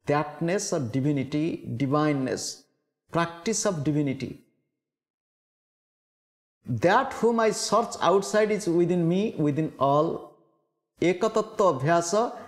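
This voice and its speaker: A man giving a spiritual lecture, speaking slowly and deliberately and repeating key words. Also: a little high. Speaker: spiritual teacher. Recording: long hall reverb.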